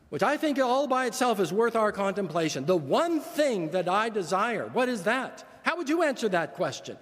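An older man preaching a sermon as pastor, earnest and emphatic, building points through repetition. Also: sits high. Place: church sanctuary. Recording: long church reverb.

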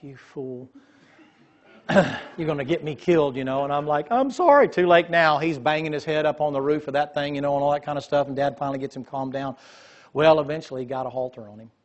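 A man telling a lively story in a sermon, acting out the voices of the people in it. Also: medium pitch, muffled recording. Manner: animated storyteller, quotes voices.

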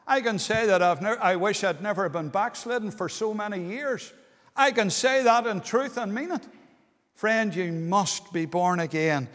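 High-voiced preacher in a hall. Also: male voice, a bit bright. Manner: earnest, pleading, dwells on key words. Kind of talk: evangelistic sermon. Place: meeting hall. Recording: long hall reverb.

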